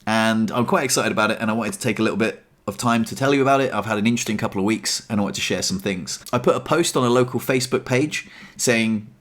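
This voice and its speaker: A man's voice: on the low side, fast talker, a bit bright. Chatty man giving a life update. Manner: chatty, upbeat, self-deprecating. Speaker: vlogger. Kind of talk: casual life-update vlog. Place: apartment.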